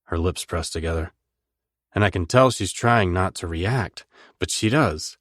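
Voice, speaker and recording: A man narrating a first-person romance audiobook in a low, intimate, measured way, close to the mic. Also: no room sound.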